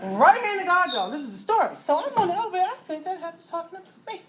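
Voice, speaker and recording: A middle-aged woman, telling a personal story as a mother. She talks in a lively way, acting out voices and sound effects with loud bursts. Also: extremely high pitch, fast, heavy background noise. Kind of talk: animated storytelling to an audience.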